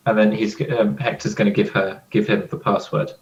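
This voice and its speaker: A man playing a tabletop game, hesitant and halting, describing his character's actions and speaking in character. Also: on the low side, flat delivery, dull audio. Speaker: player.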